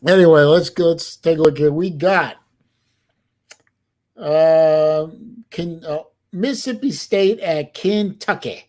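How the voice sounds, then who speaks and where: Halting man hosting a livestream chat. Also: on the high side, darkish tone. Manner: halting, many restarts while fiddling with an app. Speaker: livestream host. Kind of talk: casual chat.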